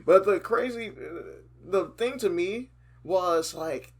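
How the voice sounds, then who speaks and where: A man's voice: high voice, takes it slowly, vocal fry, slightly rough. A man co-hosting a podcast, chatting casually in a loose, rambling way with lots of fillers. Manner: animated, rambling, many fillers. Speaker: podcast co-host.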